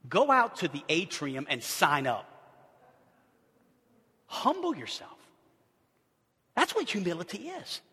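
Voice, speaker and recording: A man preaching a sermon as pastor, animated, swinging from loud bursts to hushed asides. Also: sits high, slow, pauses often, breathy edge, in a large hall.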